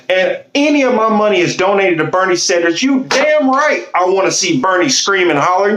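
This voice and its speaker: Man, impassioned political rant, blunt and profane, higher voice, roomy echo. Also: a bit bright. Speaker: political commentator. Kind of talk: fiery monologue.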